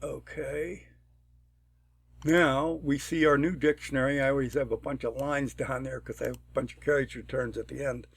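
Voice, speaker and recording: A man talking through a programming tutorial step by step, unhurried and thinking aloud, often clearing his throat. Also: mid-range voice, steady tone, no room sound. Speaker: tutorial presenter. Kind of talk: screen-recorded programming tutorial.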